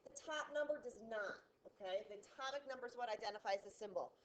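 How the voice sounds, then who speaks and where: A woman's voice: on the high side, fast, roomy sound, low-quality recording. A woman teacher with a sick voice giving a chemistry review lesson, explaining step by step, asking and answering her own questions and checking in with "okay?".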